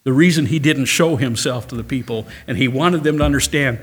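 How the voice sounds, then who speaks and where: A man's voice: mid-range voice, brisk, hardly any pauses, slightly rough. Emphatic man preaching a sermon. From Catholic upbringing. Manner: rises to loud emphatic preaching, reads scripture aloud. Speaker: pastor.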